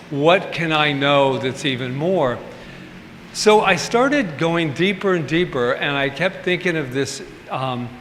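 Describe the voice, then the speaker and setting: Male pastor, fairly high, bright voice; candid, joking sermon delivery; church hall reverb. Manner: chatty and candid, with humorous asides. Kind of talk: informal sermon. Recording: reverberant hall, faint ambient noise.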